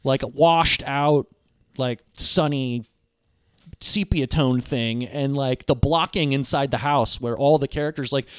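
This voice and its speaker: A man's voice: mid-range voice, measured pace, clear, resonant tone, dry recording, studio quality. A man co-hosting a podcast, talking films casually and with enthusiasm, full of fillers and restarts. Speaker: podcast co-host. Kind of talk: casual film discussion.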